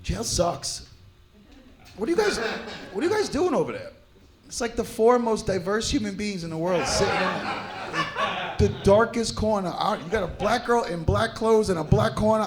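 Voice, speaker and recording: A man doing profane, animated stand-up crowd work on a club stage. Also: sits high, moderate pace. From New York. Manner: brash, profane, animated banter with audience. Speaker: stand-up comedian.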